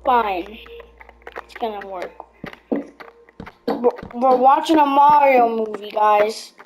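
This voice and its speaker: A woman's voice: fairly high pitch, slow, lo-fi sound, noisy background. A woman giving casual gameplay commentary, rambling and repeating herself as she builds. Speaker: gaming video creator. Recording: clear background music.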